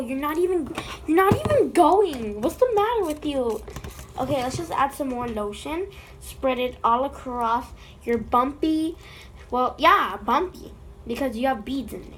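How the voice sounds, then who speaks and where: A woman with a high voice hosts a casual slime-making vlog, recorded on a phone. She talks at an unhurried pace and playfully chats to the slime as if it were alive. A faint hiss sits under her voice. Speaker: slime video creator.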